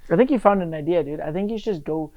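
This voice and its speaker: A man's voice: on the high side, quick pace, muffled recording. A young man co-hosting a podcast, casually telling rambling stories, swearing, sometimes losing his thread. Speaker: podcast co-host. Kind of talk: casual chat.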